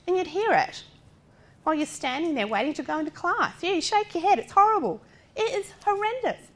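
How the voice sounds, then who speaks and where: Talking to a class as the mother of a disabled child, a middle-aged woman with a fairly high voice keeps a moderate pace broken by long pauses. She is forthright and animated, asking rhetorical questions and voicing the people she describes.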